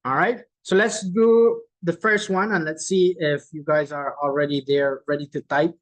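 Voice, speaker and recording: Over a video call with poor audio, a game host at a virtual conference runs a chat quiz in a mid-range, fairly even voice. He keeps it loose and chatty, repeating each clue slowly, reading answers from the chat, and tagging lines with "right?"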